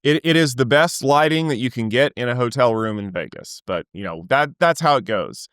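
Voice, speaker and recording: A man hosting a podcast from a hotel room in a relaxed, joking way, stumbling and repeating words, on a remote call microphone. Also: medium pitch, a little fast, clear, resonant tone, dry recording, clean studio sound. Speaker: podcast host.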